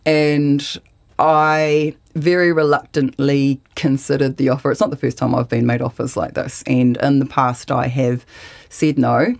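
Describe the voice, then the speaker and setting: Passionate low-voiced New woman. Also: flat delivery, a little slow, vocal fry. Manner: passionate, forceful, indignant. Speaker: activist guest. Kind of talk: interview answers.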